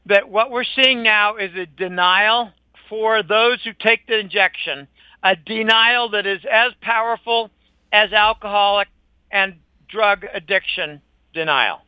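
A man's voice: sits high, measured pace, clean tone, no echo. An older man speaking as an interview guest in an emphatic, indignant, scornful conversational monologue. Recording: dull lo-fi dry recording.

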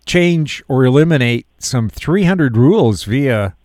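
A man's voice: mid-range voice, lively intonation, unhurried, darkish tone, dry recording. A man hosting a radio show, reading news headlines and adding dry quips. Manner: reads headlines, then adds dry quips. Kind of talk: reading news items and chatting.

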